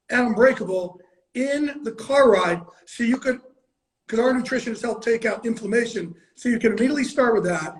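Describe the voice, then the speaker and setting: A middle-aged man hosting a casual interview. His voice is pitched well above most men's. He talks bluntly and emphatically, with plenty of swearing. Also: low-quality recording. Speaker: host.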